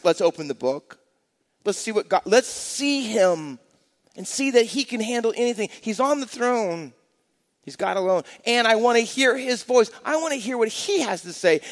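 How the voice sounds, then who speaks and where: A man's voice: on the high side, in a large hall. A man preaching a sermon as a pastor, asking the congregation rhetorical questions and building emphasis.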